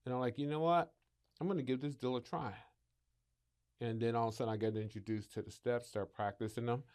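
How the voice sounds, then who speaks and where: A middle-aged man, a podcast guest, telling his story in a lively way, acting out what others said to him. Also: mid-range voice, brisk. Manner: animated, acts out quoted voices, laughs often. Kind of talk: storytelling interview.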